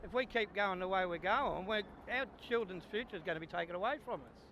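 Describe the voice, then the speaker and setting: A man's voice: high-pitched, fast, sharp tone, slight background noise. An Australian man at a street rally answering interview questions, earnest and repetitive, often saying "mate". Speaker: rally participant. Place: outdoors at a city street rally.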